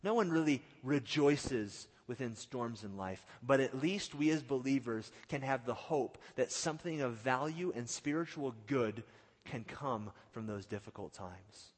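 A male pastor preaching a sermon, swinging from loud outbursts to hushed, drawn-out lines and acting out the quotes. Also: mid-range voice, lively intonation, husky. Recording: long hall reverb.

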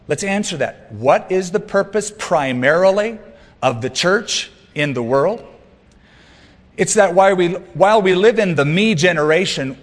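A man's voice: on the high side, long reverb tail. A man preaching a sermon as pastor, earnest and emphatic, with light humorous asides.

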